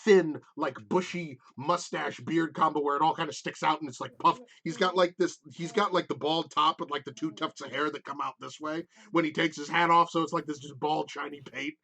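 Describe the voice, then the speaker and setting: Give me a man narrating as game master of a tabletop game. His voice sits slightly high, and he rambles with many fillers. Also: steady tone, fairly quick, vocal fry, hardly any pauses, pushed and bright.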